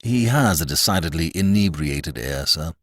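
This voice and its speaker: A man narrating an audiobook, voicing an imperturbable male valet who speaks quietly, deeply and deferentially. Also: lively intonation, dry recording, studio quality, full character voice. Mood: calm. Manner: quiet, deep, unhurried and deferential.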